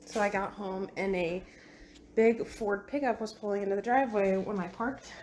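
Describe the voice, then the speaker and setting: A woman's voice: medium pitch, steady tone, normal speed, a little mellow, slight background noise. A woman chatting through a casual home update vlog, rambling and a bit exasperated. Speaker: vlogger.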